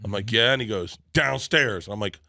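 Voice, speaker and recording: A man, a comedian guest, telling a long anecdote in an excitable way, with quick restarts and stammers, and slipping into other people's voices. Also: on the low side, no echo, clean studio sound. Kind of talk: animated storytelling anecdote.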